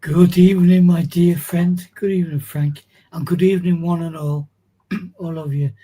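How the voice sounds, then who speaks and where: A man's voice: a little high, fairly even intonation, normal speed, mellow, breathy edge, low-quality recording. A man joining a livestream as a guest, greeting everyone courteously and formally. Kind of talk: casual livestream chat.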